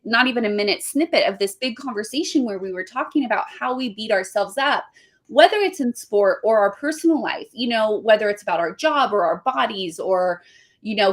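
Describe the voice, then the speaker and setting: A woman's voice: a little high, brisk. A woman weightlifting coach, a guest in a casual podcast interview, talking earnestly and with animation. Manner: earnest, animated, speaks of camps and self-talk.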